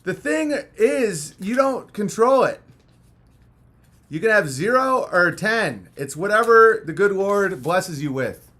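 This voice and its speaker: A man's voice: high-pitched, sing-song, slow pace, a bit bright. A man hosting a live stream in a casual, rambling, crude and jokey way, reading out viewer messages, a little punch-drunk after hours of talking.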